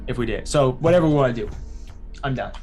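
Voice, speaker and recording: A man's voice: medium pitch, animated, fast, darkish tone, soft background music. A man playing a tabletop game, playful and jokey. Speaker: player. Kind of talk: casual tabletop game chat.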